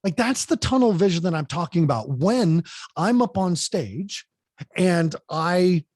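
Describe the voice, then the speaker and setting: A man with a slightly high, husky voice talks fast and with energy, coaching on how to hold an audience. The recording is dry and close, with no room sound. He keeps addressing the listener directly as he makes his points. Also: dry recording. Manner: animated, speaks directly to the host by name. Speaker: podcast guest, public speaking coach. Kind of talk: energetic advice on public speaking.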